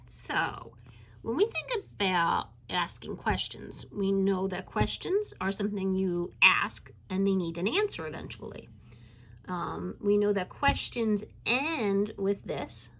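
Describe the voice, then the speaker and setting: A woman teacher giving a recorded reading lesson to young children, encouraging them to answer aloud and pausing on "um" fillers. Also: mid-range voice, vocal fry, pushed and bright, poor audio. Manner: coaxing and encouraging, asks pupils to answer aloud; frequent um fillers while explaining.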